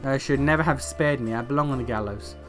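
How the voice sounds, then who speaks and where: A man's voice: mid-range voice, quick pace, faint music behind, pitched below the performer's own voice, close to an everyday voice. A man reading as a weary dwarf knight. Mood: grim. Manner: reading aloud with frequent uh fillers. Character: weary, guilt-ridden old male dwarf knight.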